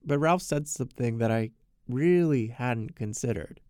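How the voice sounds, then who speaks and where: A man's voice: mid-range voice, normal speed, a little mellow, smooth, no room sound, clean studio sound. A man narrating a personal story in an earnest way, often repeating words as he talks. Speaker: podcast narrator.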